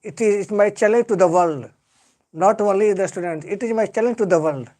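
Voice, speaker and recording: A man's voice: high voice, fairly quick, darkish tone. A man with an Indian English accent teaching an English grammar lesson live, lecturing earnestly and repeating key points with heavy stress.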